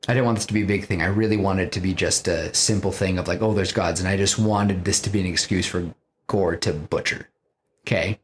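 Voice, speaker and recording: Rambling man pitching a story. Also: steady tone, fairly quick, slight background noise. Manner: rambling, many fillers like "you know". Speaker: podcast host pitching a film story.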